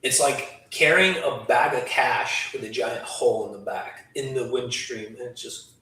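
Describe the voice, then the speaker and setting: A man chatting on a podcast, explaining things in a relaxed way with dry humor. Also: medium pitch, normal speed. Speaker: podcast guest, veteran skydiver. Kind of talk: casual podcast conversation. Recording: very echoey room, distant mic.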